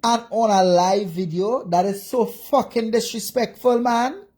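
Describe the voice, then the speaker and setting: A woman with a Jamaican accent, working as a social media commentator, rants angrily on a livestream, cursing over and over and hurling profane insults. Her voice sits a little high and moves a little slowly, with a somewhat mellow, slightly rough quality.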